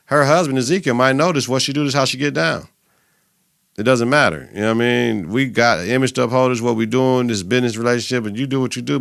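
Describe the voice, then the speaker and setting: A man hosting a podcast, recapping a TV episode in a casual, profane, animated way, acting out the characters' lines. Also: mid-range voice, gravelly, no room sound, studio quality. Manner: animated, profane retelling with quoted voices. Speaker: podcast host.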